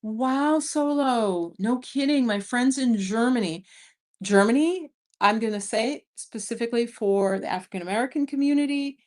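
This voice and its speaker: A woman's voice: a little high, moderate pace. A woman, hosting a casual livestream, chatting and laughing as she reads viewer comments. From New York City. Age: 50s. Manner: chatty, animated storyteller who laughs often. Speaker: vlogger and livestream host. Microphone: streaming mic.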